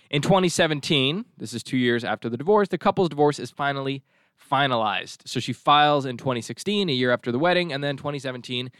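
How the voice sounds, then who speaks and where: A man's voice: medium pitch, a bit bright, dry recording, studio quality. Sarcastic man recapping a story. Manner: sarcastic, recaps events with asides. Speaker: podcast host. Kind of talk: casual commentary.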